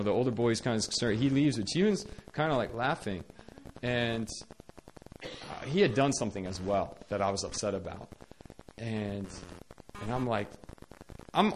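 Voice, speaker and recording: A young man recounts a story casually, in a mid-range voice that is neither high nor low. He talks in animated bursts, restarting phrases and loudly acting out his own words. A faint noise sits behind him. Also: low-quality recording. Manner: animated, acts out his own quoted lines loudly, frequent restarts and laughs. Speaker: storyteller recalling caring for children. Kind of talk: casual personal storytelling to viewers.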